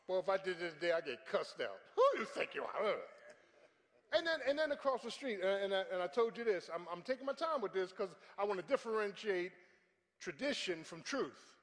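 Middle-aged male pastor, lively pitch, animated sermon delivery, big reverberant sanctuary. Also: fairly quick. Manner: animated preaching with sudden shouted peaks. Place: large church sanctuary. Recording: church hall with long reverb.

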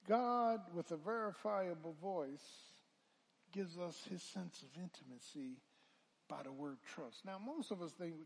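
A male preacher delivering a call-and-response sermon, moving from hushed murmurs to loud, drawn-out calls. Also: on the high side, creaky, a little hiss or hum.

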